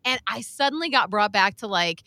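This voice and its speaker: Bright-voiced female radio co-host. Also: mid-range voice, brisk, no room sound. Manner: lively, acts out quoted callers. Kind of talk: casual storytelling chat.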